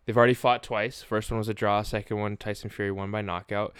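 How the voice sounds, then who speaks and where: Low, smooth-voiced man chatting sports. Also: flat delivery, fast, a bit bright, dry recording, studio quality. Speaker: podcast co-host. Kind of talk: casual sports chat.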